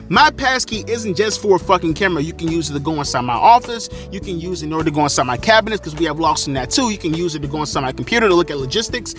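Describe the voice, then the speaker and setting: Heated, profane man with a bright voice. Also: high-pitched. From South Florida. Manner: profane, heated, animated retelling. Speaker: storyteller vlogger. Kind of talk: casual storytelling rant.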